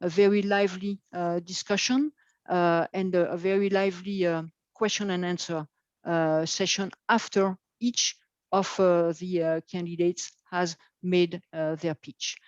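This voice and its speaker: Woman host, halting and filler-heavy, dry dull video-call sound. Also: lowish voice, flat delivery, dry recording. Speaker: event moderator. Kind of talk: hesitant live announcements.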